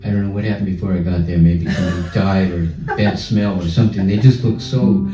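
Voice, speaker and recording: A man telling a humorous story in a spiritual talk, animated, laughing often and acting out scenes. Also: deep voice, brisk, over music. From New York. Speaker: spiritual speaker. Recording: echoey room, far and dull.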